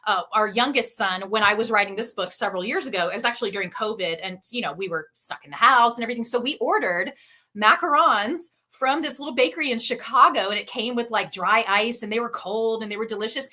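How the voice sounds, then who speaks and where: A woman author chatting warmly about her work, with a bright, slightly high voice that breaks into laughs often. She talks with eager enthusiasm, and the sound comes over a video call. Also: fast. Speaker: guest author. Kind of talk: casual interview chat.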